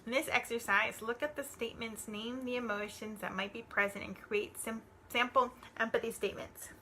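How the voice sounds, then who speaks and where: A woman reading out a worksheet and working through an exercise, slow and hesitant with many pauses and ums. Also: fairly high pitch, fairly even intonation, bright, forceful tone, slight background noise, poor audio. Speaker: student reading coursework aloud.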